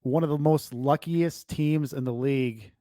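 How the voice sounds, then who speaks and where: A man on a sports podcast panel, chatty and wry, often pausing on fillers. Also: mid-range voice, warm tone, no room sound, clean studio sound. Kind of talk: casual sports chat.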